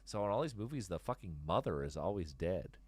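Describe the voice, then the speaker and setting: A man's voice: low-pitched, very animated, fairly quick, a little mellow, slightly rough, no echo. A man in his forties hosting a live stream and chatting with callers, rambling, restarting sentences and swearing freely. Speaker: stream host taking callers. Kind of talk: casual chat.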